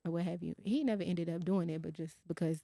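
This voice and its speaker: A woman's voice: on the low side, fairly even intonation, fast talker, creaky, mellow, no room sound, studio quality. A young woman hosting a podcast, talking candidly and profanely in casual chat, with a lot of emotional storytelling. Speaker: podcast host.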